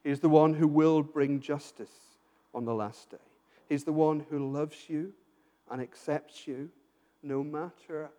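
A man's voice: fairly high pitch, mellow. A man preaching a sermon, earnest and pastoral, asking his listeners rhetorical questions and often repeating himself as he builds a point. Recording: long hall reverb.

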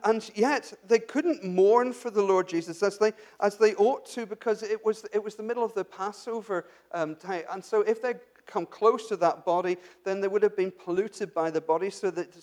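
A man with a high voice preaches a sermon as if chatting with his congregation. He asks rhetorical questions and often restarts his sentences as he works through the passage. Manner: addresses the congregation directly. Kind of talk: sermon, Bible exposition.

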